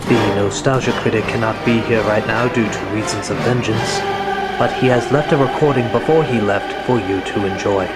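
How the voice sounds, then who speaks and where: A man reading a recorded message in a solemn, deadpan tone. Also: lowish voice, moderate pace, over loud music.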